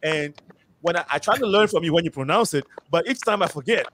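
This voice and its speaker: A man from Ghana hosting a community talk show, speaking haltingly with many restarts and self-deprecating laughs. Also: a little high, background noise.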